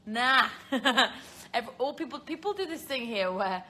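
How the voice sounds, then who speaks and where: Her high-pitched, sing-song voice sounds a bit bright and moves at normal speed. A young woman with a British accent, she answers viewer questions on a phone live stream, chatting in a rambling way with many fillers and giggles.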